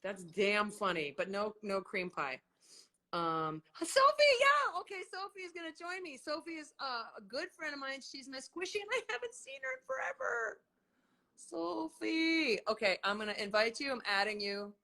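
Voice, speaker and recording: A woman in her fifties hosting a casual video-call chat, animated and swearing freely. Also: normal speed, creaky. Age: 50s. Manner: animated, swears freely, big swings in pitch. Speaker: host.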